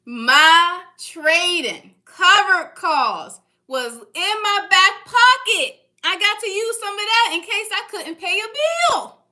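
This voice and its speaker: A young woman with a high, bright voice who talks to her viewers in a casual, animated way. She leans hard on repeated phrases and slips into slang as she makes her points. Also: slow, hardly any pauses. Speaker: stock trading vlogger. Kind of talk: casual motivational talk to camera.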